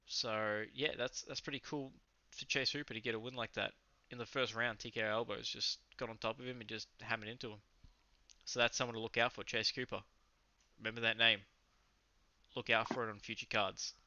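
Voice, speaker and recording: Speaking fairly quickly with little pitch movement, this young Australian man has a mid-range voice with a bright, forceful tone. He co-hosts a casual fight recap, chatting loosely and enthusiastically with some swearing and rambling. No room sound is audible, and the lo-fi recording is slightly muffled.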